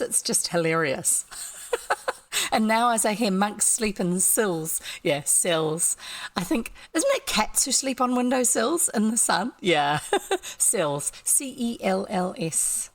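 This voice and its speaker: A woman from New Zealand with a New Zealand accent, reading a classic children's book aloud and stopping often for chatty, self-correcting asides to her listeners. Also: medium pitch. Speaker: audiobook reader. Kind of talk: casual audiobook reading with asides.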